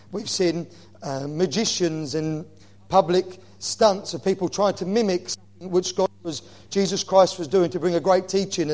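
A man's voice: high voice, mellow. A man preaching a sermon as a visiting preacher, praying fervently with repeated "Lord, my God" and reading scripture aloud with rising energy. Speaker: guest preacher.

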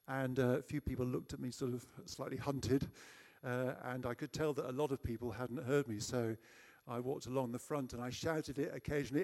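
A man's voice: medium pitch, fairly even intonation, brisk. Middle aged guy preaching, chatty storyteller, laughs at himself. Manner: self-deprecating, chatty storyteller who acts out shouting. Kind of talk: sermon with personal story.

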